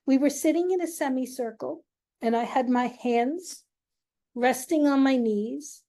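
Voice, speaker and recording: Slow, mellow-voiced woman telling her story. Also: high voice. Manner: slow, halting, with long pauses and emphasis. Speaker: speaker sharing a personal story. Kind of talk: emotional personal storytelling.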